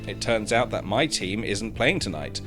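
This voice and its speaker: A man commentating a dating game, reading its text aloud with sarcastic, animated asides, his throat hoarse. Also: lowish voice, moderate pace, faint music behind. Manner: animated, sarcastic, swears freely. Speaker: gaming streamer.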